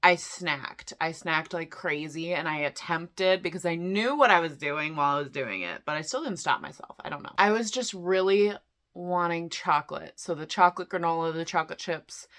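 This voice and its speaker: A woman's voice: lowish voice, expressive, brisk, a bit bright. A woman chatting casually in a vlog, chatty and self-deprecating, talking through her day. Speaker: vlogger.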